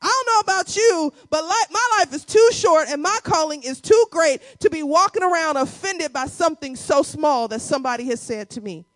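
A woman in her forties preaching a sermon, with playful asides and key lines repeated slowly for the congregation. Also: animated, dry recording. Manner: playful asides with quick dips into a low, quiet voice. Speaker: pastor.

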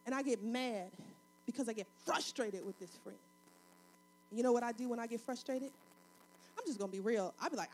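Her voice a little high and fairly quick, a woman pastor pauses often as she preaches, moving from loud, fervent stretches to quiet, intimate moments in a folksy, colloquial style. There is slight background noise.

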